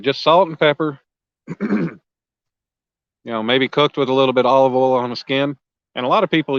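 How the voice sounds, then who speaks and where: A man hosting a casual night fishing livestream, chatting easily with viewers and often clearing his throat. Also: medium pitch, no echo, muffled recording. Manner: laid-back, frequent throat clearing, reads chat aloud. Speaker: livestream host. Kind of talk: casual chat with live viewers. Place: outdoors at a riverbank at night.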